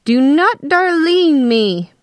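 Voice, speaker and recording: Give me a shrill, indignant older mother, voiced by a woman reader, sharp and high-pitched. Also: expressive, takes it slowly, no echo. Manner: snapping, high and loud.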